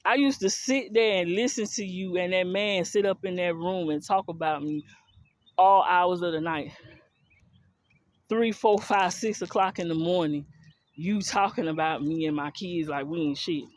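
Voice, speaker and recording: A woman's voice: on the low side, normal speed. A woman telling a personal story in a casual monologue, blunt, heated and profane, with an African American Vernacular English accent and speaking straight to her listeners. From US South and Philadelphia.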